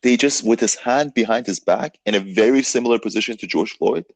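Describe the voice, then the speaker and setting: Young male podcast host, low husky voice, animated and loose, leans on "dude" and "like". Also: fairly quick, no echo. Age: young adult. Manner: animated storytelling, heavy on "like" and "dude". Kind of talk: casual chat.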